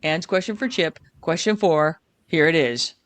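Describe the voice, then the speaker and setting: Brief: co-host of a chatty podcast, bright forward voice, dry close sound, keen and talkative. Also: medium pitch, normal speed, dry recording. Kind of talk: casual podcast chat.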